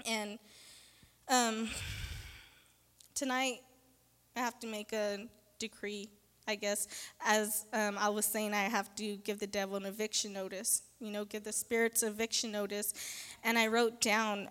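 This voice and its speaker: A woman's voice: mid-range voice, fairly bright tone. Earnest woman testifying in an echoey church. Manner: earnest and halting, with repeated fillers. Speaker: church member giving testimony.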